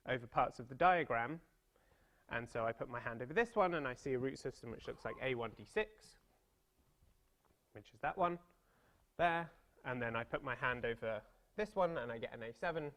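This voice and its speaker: Medium in pitch and a bit bright, the voice belongs to a British maths lecturer in his thirties delivering a seminar talk. In the seminar room he's conversational and self-deprecating, with playful storytelling asides.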